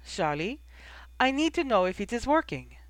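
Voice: medium pitch, big pitch swings, moderate pace, no room sound, pitched above the performer's own voice, natural voice. A reader voicing a haughty, imperious young woman who speaks in formal, clipped phrases.

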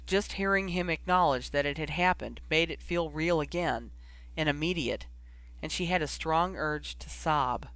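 A man reading fan fiction aloud in a steady, even narration. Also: on the high side, normal speed, clean tone, dry recording. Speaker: audiobook reader.

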